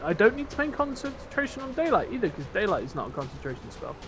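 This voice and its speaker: A man's voice: high voice, very animated, quick pace, music in the background. A man playing a tabletop game, explaining his moves in a matter-of-fact way. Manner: matter-of-fact rules talk. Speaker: player. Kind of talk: casual tabletop play.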